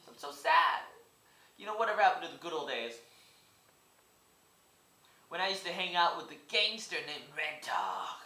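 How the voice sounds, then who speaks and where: A young man talks off the cuff in a casual vlog, his voice bright and forward. He rambles, stammers and doubles back on his words. The room around him is echoey. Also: fairly high pitch, big pitch swings, moderate pace, pauses often. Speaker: vlogger.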